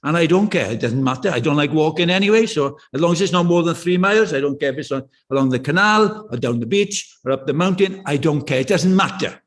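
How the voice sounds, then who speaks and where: A man's voice: on the high side, expressive, fast talker, few pauses. An older British man preaching a sermon in a church, conversational and anecdotal with passionate swells.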